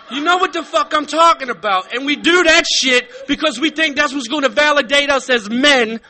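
A man speaking at a recovery meeting, giving a blunt, profane, fervent testimony that bursts into shouting. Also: very high-pitched, normal speed, hardly any pauses. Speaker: recovering addict sharing at a meeting.

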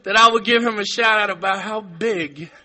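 A middle-aged man telling his story at a recovery meeting, profane and comic, shouting at times and then going quiet and sincere. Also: high-pitched, moderate pace. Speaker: speaker sharing at a recovery meeting. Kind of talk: raw comedic testimony. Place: meeting room.

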